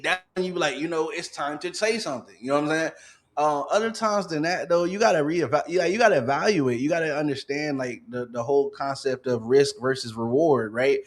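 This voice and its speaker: Slangy man chatting, rambling and repetitive. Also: fairly high pitch. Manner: rambling, peppered with "you know what I'm saying". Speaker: podcast host. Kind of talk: casual podcast chat.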